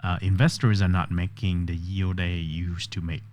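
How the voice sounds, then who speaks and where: A man testing an AI voice assistant, chatty and quick to interrupt, with a few voice-over comments. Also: sits low, level tone, darkish tone, no echo. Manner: chatty, interrupts often, laughs easily. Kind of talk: casual talk with an AI and voice-over commentary.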